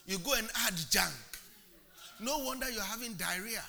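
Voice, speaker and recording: A male pastor preaching an animated sermon in church, asking the congregation rhetorical questions and swinging from loud to hushed. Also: sits high, moderate pace, gravelly, heavy background noise.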